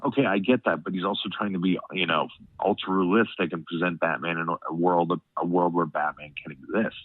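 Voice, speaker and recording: A man's voice: low voice, fairly even intonation, brisk, no room sound. A man hosting a casual podcast chat, rambling and padding his talk with "you know what I mean", his nose stuffed up. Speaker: podcast host. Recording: tinny phone-like line, dry.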